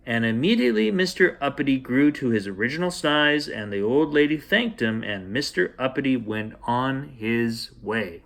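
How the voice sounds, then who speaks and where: Man reading a lively bedtime story. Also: mid-range voice, moderate pace, creaky, hardly any pauses. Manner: gentle, playful reading aloud to children. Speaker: storyteller host. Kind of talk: bedtime story read aloud.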